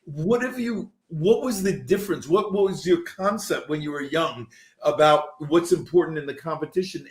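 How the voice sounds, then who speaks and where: A man hosting an interview who talks in long, rambling questions and restarts his phrases. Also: a little high. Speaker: podcast host. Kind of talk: casual interview conversation. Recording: roomy echo.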